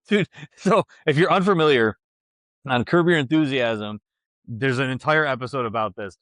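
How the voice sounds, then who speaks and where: A man co-hosting a podcast, chatting casually and telling stories with lively quoted voices. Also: moderate pace, long pauses, dry recording. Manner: animated storyteller, jumps pitch when quoting people. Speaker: podcast co-host. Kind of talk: casual chat.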